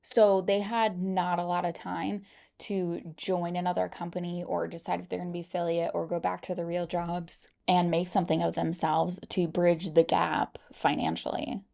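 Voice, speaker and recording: Woman, commentary host, skeptical, wry, gravelly, lowish voice. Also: little pitch movement, moderate pace, mellow. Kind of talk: casual commentary.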